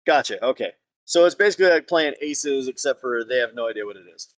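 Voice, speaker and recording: A man playing a tabletop game, speaking in hammy, over-the-top flowery flattery as his character. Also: medium pitch, fast talker, dry recording.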